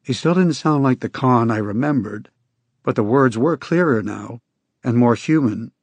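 A man reading scripted first-person narration in an even, unhurried storytelling manner. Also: mid-range voice, breathy edge, dry recording. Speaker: audiobook narrator.

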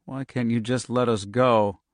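A man pushing his voice up into a shrill, panicked young girl. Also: fairly even intonation, unhurried, dry recording, studio quality, close to an everyday voice. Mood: pleading. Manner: shrill, shouting, desperate. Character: terrified furious young girl with fiery power.

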